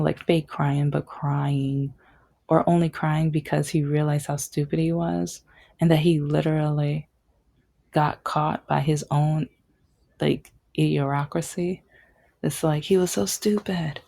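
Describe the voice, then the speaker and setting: A woman's voice: low voice, gravelly, warm tone. A young adult woman vlogging, candidly and emphatically telling a personal story. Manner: candid, emphatic, acts out quoted dialogue.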